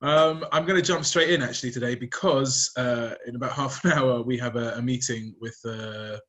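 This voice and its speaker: A man's voice: mid-range voice, normal speed, a bit bright. A man leading an online class as rabbi, chatting casually on a video call with fillers and asides. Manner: chatty, apologetic, rambling with fillers. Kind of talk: casual chat.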